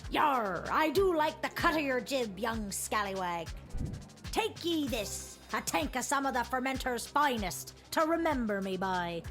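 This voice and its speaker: A woman's voice: on the high side, expressive, a bit bright, faint music behind. A woman voicing a boisterous female pirate captain who drawls pirate slang in a video game. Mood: hammy. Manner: drawls pirate slang, "yar", slow and hearty.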